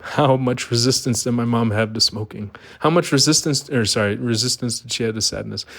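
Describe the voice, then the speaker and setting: A man's voice: medium pitch, fairly quick, gravelly, fairly bright tone. A middle-aged man giving an earnest, emphatic monologue, asking rhetorical questions. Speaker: vlogger. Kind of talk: personal monologue.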